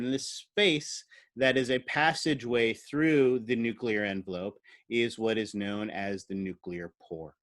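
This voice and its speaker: In a dry, clean studio recording, a man with a lowish voice delivers a university biology lecture. He works through the material step by step while drawing, thinking aloud and asking the class playful questions.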